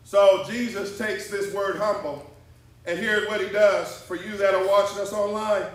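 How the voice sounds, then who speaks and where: High-voiced preaching man in echoey church. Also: steady tone, normal speed. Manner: rhythmic call-and-response preaching, rising to shouts. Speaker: pastor. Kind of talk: sermon. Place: church sanctuary. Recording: echoey church hall, mic at a distance. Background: congregation responding.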